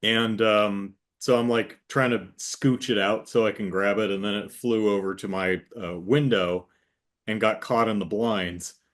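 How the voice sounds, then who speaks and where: A man's voice: fairly low pitch, fairly even intonation, unhurried, fairly bright tone. A man hosting a casual chat with his sister, telling a rambling story and acting out the voices in it. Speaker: host.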